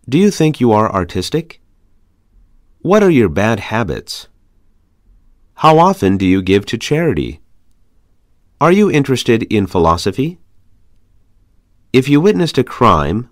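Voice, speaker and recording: A man reading English conversation practice questions aloud in a measured, even way. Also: on the low side, no echo, studio quality. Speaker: English lesson reader.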